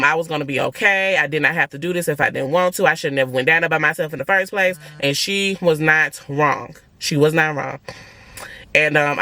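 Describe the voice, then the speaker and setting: Blunt, animated woman telling a story. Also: on the low side, no echo. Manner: animated, blunt and profane, talking straight to viewers. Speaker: family vlogger. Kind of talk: emotional personal storytelling.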